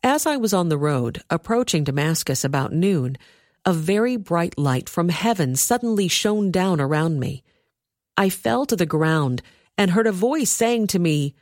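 Woman reader, lowish voice, dry close sound, steady scripture reading. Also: no echo. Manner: steady, measured storytelling.

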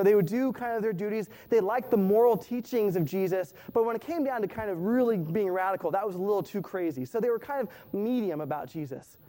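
A man's voice: sits high, dark tone. A man preaching to his church in a conversational sermon, repeating phrases for emphasis. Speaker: pastor.

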